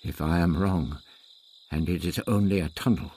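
A man's voice: sits low, normal speed, mellow, slight background noise. A man voicing an elderly male doctor who speaks dryly and sardonically. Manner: dry, sardonic.

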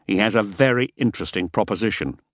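A man's voice: fairly low pitch, quick pace, no echo, close to an everyday voice. A man voicing an impatient, domineering French ex-soldier who talks curtly and irritably.

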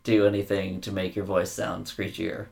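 A man's voice: sits low, completely flat delivery, normal speed, vocal fry, a little mellow. A man co-hosting a casual podcast, joking around and rambling with lots of fillers and restarts. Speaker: podcast co-host.

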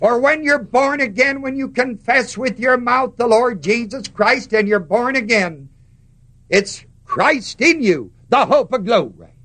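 A man preaching a sermon, stressing words slowly and putting questions to the congregation. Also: very high-pitched, animated, sharp tone.

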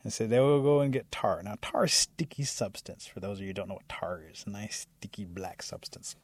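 Gravelly man telling a lively folk tale. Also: on the low side, a little fast, no room sound. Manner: animated, acts out the animals. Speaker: storyteller. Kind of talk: oral storytelling.

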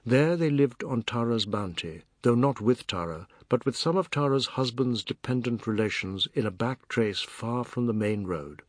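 A man reading a novel aloud in measured, even storytelling narration. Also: medium pitch, no room sound, clean studio sound. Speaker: audiobook narrator. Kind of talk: scripted literary narration.

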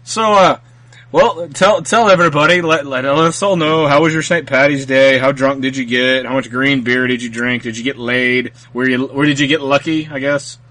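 A man's voice: mid-range voice, fairly even intonation, moderate pace, fairly bright tone, dry recording, low-quality recording. Dry-sounding laid-back male co-host. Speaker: podcast co-host. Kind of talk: casual chat.

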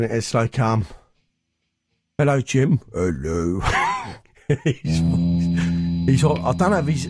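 A man's voice: mid-range voice, a little mellow. Crude, rambling man over guitar music. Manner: rambling, crude, laughing, jokey. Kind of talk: casual chat over music. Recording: music playing clearly behind.

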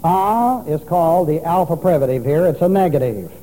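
This pastor's slightly high, dark-toned voice has lively intonation and moves at normal speed as he preaches an expository sermon, emphatically spelling Greek words letter by letter. A large hall adds long reverb.

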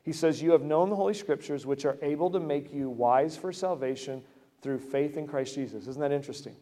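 A man preaching a sermon in a conversational way, breaking into loud emphatic bursts. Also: a little high, brisk. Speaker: pastor. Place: church sanctuary. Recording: long hall reverb.

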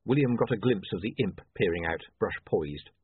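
Husky man narrating a story. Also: lowish voice, expressive, moderate pace, dry recording. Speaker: audiobook narrator. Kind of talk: scripted narration. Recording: tinny phone-like, dry.

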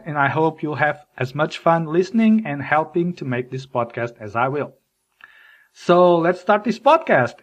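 Animated Portuguese man doing comic monologue. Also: fairly high pitch. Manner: animated, jokey storytelling with mock voices. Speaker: podcast host. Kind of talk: scripted comedic monologue.

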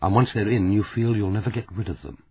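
A man's voice: on the low side, fast talker, slightly rough, no echo. A man voicing a dry, cutting woman academic. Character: sardonic, brittle middle-aged woman academic. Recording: narrow phone-like audiobook sound.

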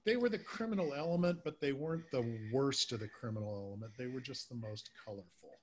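A man hosting a podcast in a casual chat, speaking haltingly with many filler words. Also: mid-range voice, a little mellow, a little hiss or hum. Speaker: podcast host. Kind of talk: casual chat about old-time radio.

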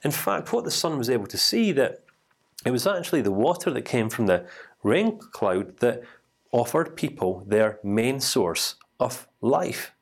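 A man teaches by telling a story, relaxed and conversational, asking his listeners if they are following along. His voice sits in a middle range. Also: mid-range voice, a little slow, slightly rough. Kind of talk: storytelling lesson.

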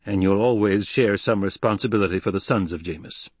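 A man's voice: fairly low pitch, a little fast, slightly rough, no room sound. A man voicing a stern, commanding desert tribal leader in a storybook reading. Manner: curt, commanding.

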